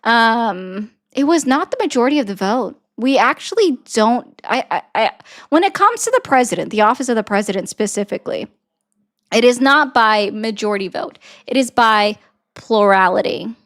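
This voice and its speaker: A woman's voice: fairly high pitch, animated, moderate pace. A woman hosting a political livestream, sarcastically answering viewer comments in a casual chatty way.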